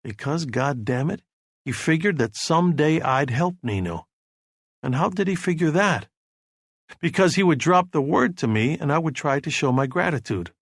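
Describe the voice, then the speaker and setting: A man narrating a novel as an audiobook in a steady, measured storytelling voice. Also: on the high side, gravelly, slightly rough, no room sound, clean studio sound. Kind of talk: scripted narration.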